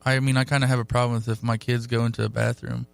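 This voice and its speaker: A man's voice: mid-range voice, little pitch movement, fast, creaky, clean tone, no echo. A man cohosting a casual podcast, asking rambling, hesitant questions. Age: adult parent. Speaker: guest cohost. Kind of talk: casual chat.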